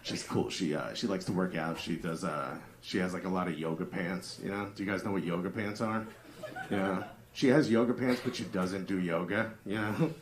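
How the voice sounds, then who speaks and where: A man's voice: low-pitched, normal speed. A man doing a stand-up comedy set, talking wryly and casually and working the crowd. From US East Coast. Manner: wry, conversational, crowd work. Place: comedy club with live audience. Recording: live club audience laughter.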